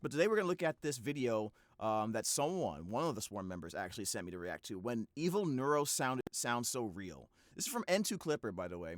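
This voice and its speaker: Guy hosting a reaction vid, bouncy pitch, lots of ums and uhs, dead dry close mic. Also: big pitch swings, a little fast, hardly any pauses, no echo. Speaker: reaction video host. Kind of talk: casual reaction commentary.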